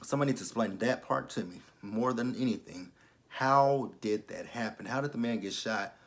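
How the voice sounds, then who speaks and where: A young man gives a loose, swearing recap of a TV episode. He laughs often and jumps into the characters' lines with a lot of energy, in a voice of ordinary pitch for a man. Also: fast. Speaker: TV episode reviewer. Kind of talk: casual recap and commentary.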